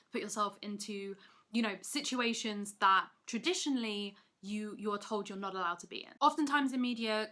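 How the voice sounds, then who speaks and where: A woman hosting her own video, ranting to camera with rapid, emphatic, self-mocking energy from a rented room. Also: mid-range voice, bright, forceful tone. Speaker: video essayist host. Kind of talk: energetic comedic rant to camera. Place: rented apartment room, indoors. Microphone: camera mic, seated in wheeled office chair.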